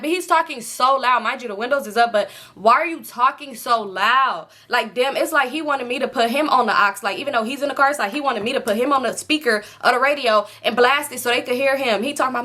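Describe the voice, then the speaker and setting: A young woman vlogger casually telling a storytime, rambling in slang and acting out what others said with sudden pitch jumps. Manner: animated retelling, acts out quotes with pitch jumps; heavy slang and filler, fast rambling.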